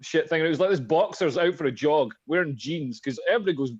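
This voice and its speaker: A man's voice: fairly high pitch, lively intonation, quick pace, slightly rough. A man co-hosting a podcast, telling a rambling comedic anecdote in casual chat full of fillers. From Britain. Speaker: podcast co-host. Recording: dull lo-fi podcast audio.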